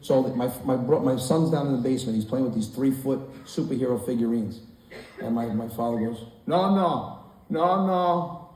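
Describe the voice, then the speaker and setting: A man's voice: medium pitch, steady tone, brisk, mellow, slight background noise. A man in his forties doing a stand-up comedy set before a live audience in a large hall, telling profane stories brashly. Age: 40s. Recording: echoey hall, far-off mic, crowd laughter.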